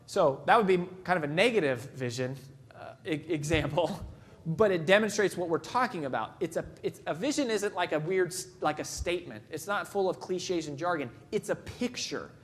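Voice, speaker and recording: A man's voice: on the high side, a bit bright. A male speaker giving an emphatic motivational talk, telling stories and repeating his key phrases.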